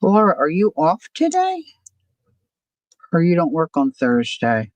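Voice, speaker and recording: A woman's voice: on the low side, huge pitch swings, a little slow, dry recording. Chatty woman crafting on a livestream. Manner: chatty, talks to herself and greets viewers by name. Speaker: art journaling livestream host. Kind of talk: casual chat while crafting on a livestream.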